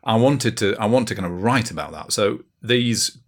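A man with a low, deep voice hosts a casual football podcast. He talks in a rambling way, hesitating often and restarting his sentences. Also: lively intonation, moderate pace. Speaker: podcast host.

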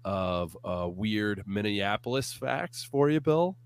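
Low-voiced man hosting a casual podcast. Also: expressive, slow pace, clear, resonant tone. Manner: jokey, rambling, with fillers. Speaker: podcast co-host. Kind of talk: casual sports podcast chat. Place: home room.

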